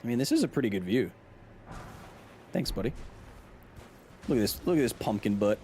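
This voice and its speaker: A man's voice: mid-range voice, expressive, normal speed, long pauses, a little mellow, slight background noise. A man hosting a live game stream, joking around and chatting with viewers as he plays. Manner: playful, jokey, chatting with viewers. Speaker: gaming streamer and host.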